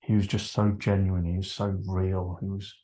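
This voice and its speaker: Animated man telling a story. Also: sits low, moderate pace. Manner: animated, acts out dialogue, trails off. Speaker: podcast guest. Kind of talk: casual storytelling. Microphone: video call.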